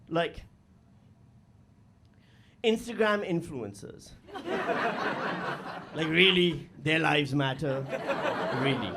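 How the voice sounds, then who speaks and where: A man performing a stand-up comedy set on stage, animated, with loud bursts and mocking voices. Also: fairly high pitch, drawn-out words, long pauses, slightly rough. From Pakistan. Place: live comedy venue with audience.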